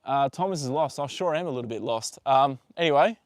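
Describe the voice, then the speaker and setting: A man's voice: mid-range voice, expressive, fairly quick, dry recording, clean studio sound. A man hosting a casual live stream from outdoors with a horse, chatting easygoing and rambling as he reads out viewer comments, with lots of fillers. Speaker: livestream host. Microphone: phone on a tripod.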